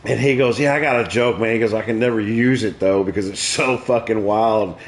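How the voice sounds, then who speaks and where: A man, a comedian hosting a stream, tells crude jokes and stories in relaxed, profane chat. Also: fairly low pitch, fairly quick. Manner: crude, profane joke-telling. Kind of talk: casual storytelling chat.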